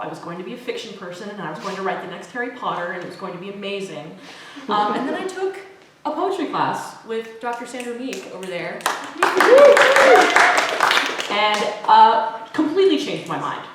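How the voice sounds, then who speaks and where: A young woman in her twenties from Georgia, a graduating student, reads her own poetry at a live event with nervous laughing asides. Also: medium pitch. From Georgia, USA. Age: 20s. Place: event hall with audience. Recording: echoey hall, distant mic, loud hiss.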